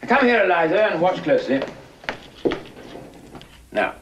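Bossy speech teacher, lively ups and downs, faint hiss behind, old film. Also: male voice, high-pitched, normal speed, dull audio. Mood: instructing. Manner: commanding and exasperated. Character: stern, impatient male speech teacher. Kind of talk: film dialogue.

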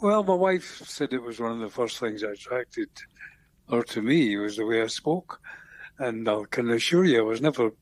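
An older man with a Scottish accent, a songwriter being interviewed on radio, talking in a reflective, unhurried way with many pauses and restarts. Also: medium pitch, expressive, dry recording. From Scotland. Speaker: guest songwriter.

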